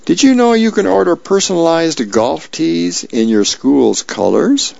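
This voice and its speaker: Comic strip husband, middle-aged, sheepish and bumbling, in a higher gravelly voice, voiced by a male reader. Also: animated, a little slow, a little mellow, dry recording, exaggerated voice. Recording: dull lo-fi sound.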